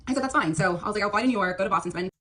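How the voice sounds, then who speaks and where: Her voice sits mid-range, sharp and slightly rough, and she talks very fast. It's a young TikTok storyteller recounting a personal dating episode in a rambling monologue, heavy with fillers and quoted dialogue from the other person.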